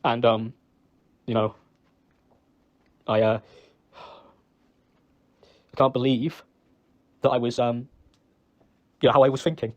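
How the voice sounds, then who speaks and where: A man's voice: mid-range voice, fairly even intonation, slow, pauses often, highs cut off. A young British man in a recorded personal voice message, rambling and reproaching himself, emotional and choked up, swearing often. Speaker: ex-boyfriend leaving an apology message.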